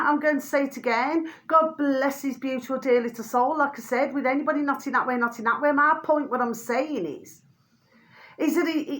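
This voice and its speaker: A middle-aged woman delivers a heated monologue to camera in a fairly high voice. She talks bluntly and fiercely, swears freely and circles back to the same affectionate catchphrase. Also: a bit bright. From United Kingdom. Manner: fiery and blunt, swears freely, keeps repeating "my delicious little babies". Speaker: vlogger.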